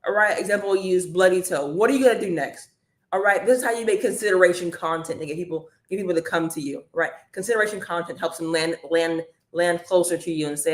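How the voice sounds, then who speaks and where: A woman coaching viewers on a live stream, chatty and energetic, calling the audience y'all. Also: fairly low pitch, quick pace, roomy sound. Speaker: online business coach.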